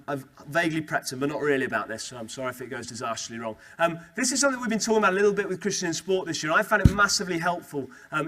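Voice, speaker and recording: A young man giving a lively, conversational talk to a student Christian group, repeating key phrases for emphasis. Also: a little high. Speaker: speaker at a student Christian Union meeting. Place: student meeting room.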